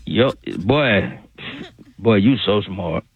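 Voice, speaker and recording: A man's voice: fairly low pitch, lively intonation, drawn-out words, gravelly. A man calling in to a radio comedy bit. He rambles in circles, repeats himself and keeps calling the host "shawty". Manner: rambling, repetitive, circles back to the same phrases; slangy, calls the host shawty. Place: on a phone call into a radio show. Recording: tinny phone line.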